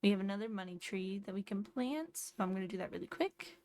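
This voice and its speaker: A woman's voice: medium pitch, expressive, quick pace, a little mellow. A tired woman streamer chatting casually while playing a game, thinking aloud and explaining tips. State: sleepy. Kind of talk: casual gameplay commentary.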